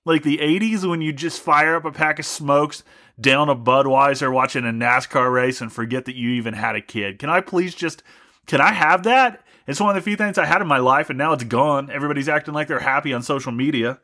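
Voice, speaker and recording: A man's voice: a little high, a little fast, sharp tone. A young man hosting a podcast, delivering a profane, mock-angry comedic rant. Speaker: podcast host.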